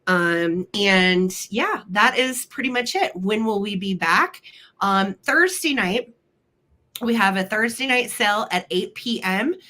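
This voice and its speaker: A woman's voice: medium pitch, expressive, slow pace, sharp tone. A woman hosting a live-stream vintage sale from home, chatty and friendly, her voice a little weak after being sick. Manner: chatty, friendly, apologetic asides. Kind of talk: casual live-stream sales pitch.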